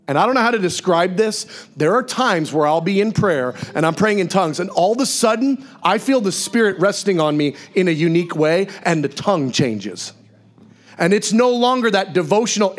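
A man preaching from the pulpit with a high, bright-pitched voice that swings widely up and down. He talks to the congregation like a conversation, full of asides and quick questions. The delivery is a lively sermon in a church. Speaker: pastor.

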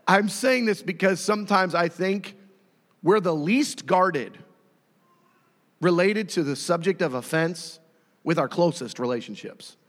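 Male pastor, thirties, animated sermon delivery, reverberant hall. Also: high voice, unhurried. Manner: animated storytelling, acting out voices.

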